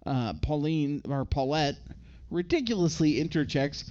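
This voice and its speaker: A man's voice: on the high side, expressive, measured pace, darkish tone, highs cut off. A man co-hosting a podcast, recapping a movie in a rambling casual chat with frequent laughs. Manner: rambling, laughs often, slips into impressions.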